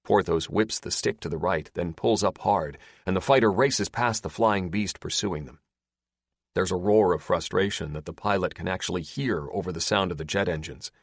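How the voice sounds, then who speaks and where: A man's voice: deep voice, normal speed, slightly rough, no echo, studio quality. A man narrating an action-heavy audiobook in a dramatic, scripted style.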